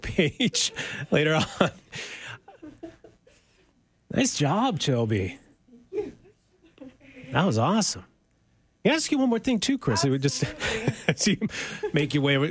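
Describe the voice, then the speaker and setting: Chatty male radio host. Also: medium pitch. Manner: chatty, laughs easily. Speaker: radio talk show host. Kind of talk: live radio interview. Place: radio studio. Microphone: studio microphone.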